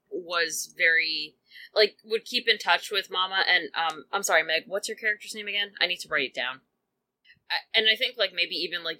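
Bright-voiced woman rambling through a game. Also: lowish voice. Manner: rambling with many fillers. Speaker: player. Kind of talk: casual tabletop role-play chat.

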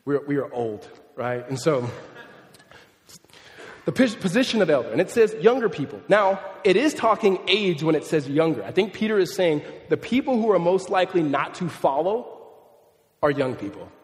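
A pastor around thirty preaching a sermon in a conversational, animated way, mixing in humorous family stories. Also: male voice, fairly high pitch, moderate pace, in a large hall.

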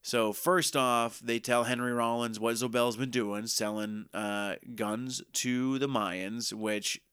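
Smooth-voiced man recapping casually. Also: medium pitch, fairly even intonation, a bit bright, no echo, clean studio sound. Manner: loose, profane recap, slipping into quick mock voices. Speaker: podcast co-host recapping a TV series. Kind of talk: casual chat.

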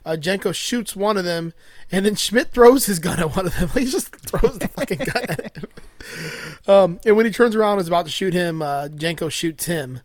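A man's voice: sits high, moderate pace, dry recording, clean studio sound. A man recapping a movie in casual chat, crude and full of fillers, often laughing. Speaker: podcast host recapping a film.

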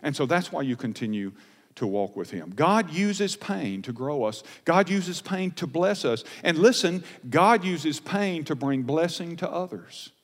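Man, pastor, emphatic sermon, slightly high voice, reverberant church. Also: lively intonation, a little slow. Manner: earnest preaching with rising emphatic pitch. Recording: long church hall reverb.

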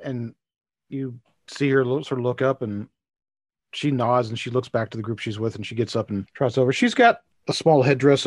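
A man runs a tabletop game, narrating scenes in a quick, rambling way full of restarts. His voice is of middling pitch and the sound is close and dry. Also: dry recording. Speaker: game master.

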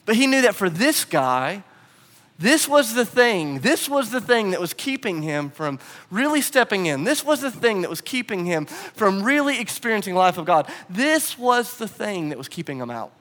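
A man preaching a sermon as pastor, animated in his storytelling and acting out the quotes. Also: sits high, normal speed, in a large hall.

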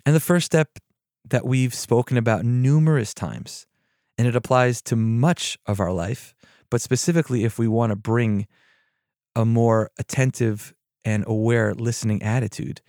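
A man speaking as a reflective podcast host and therapist, unhurried and thoughtful as he tells a story. His voice has a gravelly edge at mid pitch, and it is recorded close and dry with no room sound. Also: a little mellow, no room sound.

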